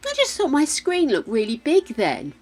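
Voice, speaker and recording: A woman's voice: high voice, huge pitch swings, moderate pace. An English woman streaming a game, chatting casually and thinking aloud as she plays, laughing often. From England. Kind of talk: casual chat while playing.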